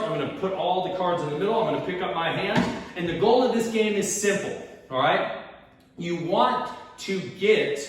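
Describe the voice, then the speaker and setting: In a hot home garage, a man teaching as a PE teacher leads an energetic home workout, whooping and counting to hype the reps while sweaty and winded. His voice sits high with a fairly bright tone. It's recorded from far off, with garage echo.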